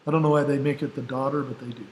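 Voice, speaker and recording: A man's voice: medium pitch, steady tone, racing, a little mellow. A male teacher giving a casual classroom lecture, explaining step by step and often checking in with "right?". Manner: casual, self-deprecating asides. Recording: echoey room, faint background noise.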